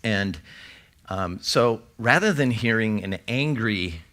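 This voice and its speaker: A pastor delivering a sermon in a fairly low, conversational voice. He reads scripture aloud and breaks off for quick asides to the people in front of him. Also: lively intonation, bright, forceful tone. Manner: conversational preaching with scripture readings.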